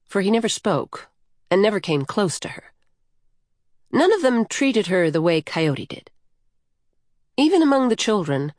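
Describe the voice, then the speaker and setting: Here a woman narrates a novel for an audiobook, reading a script in a calm, even manner. Her voice leans low, captured in clean studio sound without any room echo.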